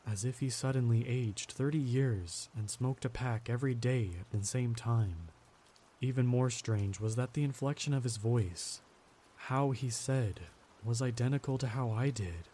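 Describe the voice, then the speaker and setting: A man narrating a scripted horror story in a tense, measured way. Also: mid-range voice, dark tone.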